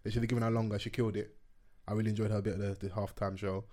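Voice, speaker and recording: A man's voice: lowish voice, racing. A young man, co-hosting a casual podcast chat full of slangy banter. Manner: slangy, laughing, animated banter.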